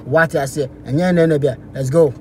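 A man's voice: fairly high pitch, steady tone, normal speed, dark tone, a little hiss or hum. A man with a Ghanaian accent giving casual live commentary, mixing Twi and English. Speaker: music reviewer.

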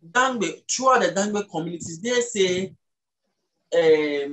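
A speaker from Ghana, patiently explaining the language as an interview guest and slowing down to sound out words. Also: mid-range voice, lively intonation, fairly bright tone, rough recording. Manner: teacherly, slows down to sound out words.

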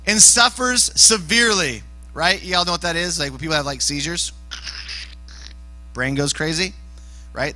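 A man giving a casual youth sermon as a youth pastor, animated and joking, often climbing to shouts. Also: a little high, low-quality recording. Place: church youth service.

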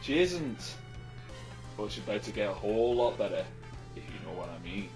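A man's voice: lowish voice, sing-song, music in the background. An actor playing a cocky young male coworker who talks smugly and in a hurry. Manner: smug, teasing and hurried.

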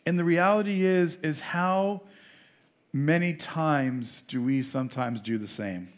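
High-voiced man preaching a sermon. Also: unhurried. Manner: rises to loud emphatic peaks, then drops to soft storytelling. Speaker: rabbi preaching. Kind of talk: sermon with personal story.

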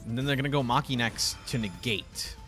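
A man casually commentating card game replays, excitable and quick to burst into laughter. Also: medium pitch. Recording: faint background music.

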